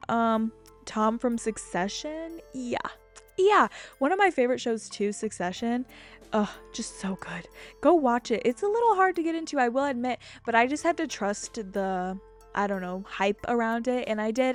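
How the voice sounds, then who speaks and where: Rambling, excitable woman gamer. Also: fairly high pitch. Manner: rambling, excitable, swears freely. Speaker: gaming YouTuber. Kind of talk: casual gameplay commentary. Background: faint game music.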